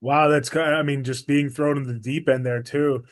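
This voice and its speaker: A man's voice: on the high side, fairly even intonation, normal speed. A man hosting a podcast who asks enthusiastic questions of his guest. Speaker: podcast host. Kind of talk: interview questions.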